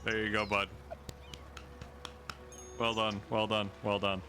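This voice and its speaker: A man chatting casually while playing a co-op game, laid-back and quick to laugh. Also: on the low side, little pitch movement, over music. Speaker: co-op game player. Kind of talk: casual gaming chat.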